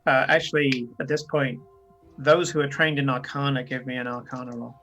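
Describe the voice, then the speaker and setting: A man's voice: mid-range voice, flat delivery, fairly quick, bright, forceful tone, soft background music. A man narrating a tabletop game as game master, casual and chatty.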